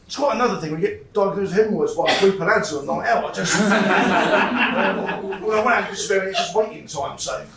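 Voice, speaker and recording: A man's voice: high-pitched, a little fast, vocal fry, hardly any pauses, fairly bright tone, distant mic. A man in his forties with a southern English accent, doing a stand-up comedy set in a club, rambling and laughing at his own jokes. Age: 40s. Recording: echoey club room, faint ambience.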